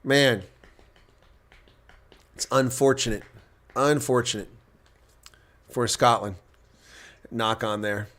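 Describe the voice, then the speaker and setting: A man giving live reaction play-by-play commentary on a rugby match, getting loud on big plays and dropping to quiet asides. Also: mid-range voice, slow pace, pauses often.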